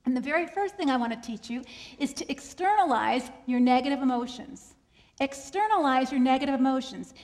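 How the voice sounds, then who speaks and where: A woman keynote speaker giving a faith-based motivational talk. She slows down and drops to a soft voice for emphasis, and she repeats key phrases to drive them home. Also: high voice.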